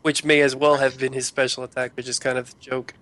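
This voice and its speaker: A man's voice: mid-range voice, level tone, fast talker, a bit bright. A man chatting casually in a group, rambling, loose and profane.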